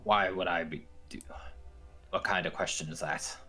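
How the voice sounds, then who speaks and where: A man doing a gruff old pirate-voiced dwarf baker. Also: low voice, fairly even intonation, bright, forceful tone, faint music behind. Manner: pirate-style drawl, halting.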